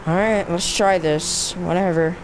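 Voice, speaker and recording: Excitable young gamer guy yelling at a race. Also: high-pitched, unhurried, noisy background. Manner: excitable, frustrated, bursts into yelling outbursts; talks to the game and himself, slangy, "dude" and "bro". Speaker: gamer narrating his own play. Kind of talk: casual let's-play commentary.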